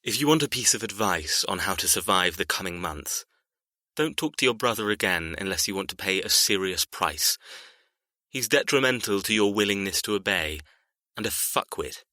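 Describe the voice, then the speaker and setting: A man reads a cold, controlling man who speaks low, slow and threatening, with a lively swing to his delivery. The voice is bright and sharp, recorded close and dry for an audiobook. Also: no room sound. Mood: menacing. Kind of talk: audiobook character reading.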